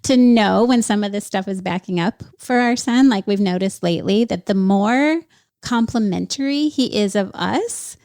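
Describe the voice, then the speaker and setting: Woman, podcast host, gravelly fry, dry close sound, thoughtful questions. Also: medium pitch, moderate pace, darkish tone, dry recording. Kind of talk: casual interview chat.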